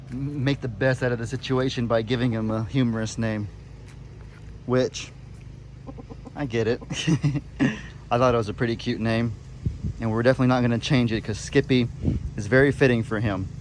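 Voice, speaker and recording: A laid-back man talks easily to his viewers, pitch sitting in a middle range. He is outdoors, with faint background noise under his voice. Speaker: farm vlogger. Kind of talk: casual vlog chat. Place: outdoors on a farm.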